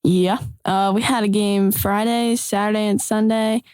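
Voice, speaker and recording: Teen girl, giggly casual chat, slow talker, dry close sound. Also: medium pitch, flat delivery, darkish tone, clean tone, no room sound. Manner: giggly, laid-back. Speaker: guest.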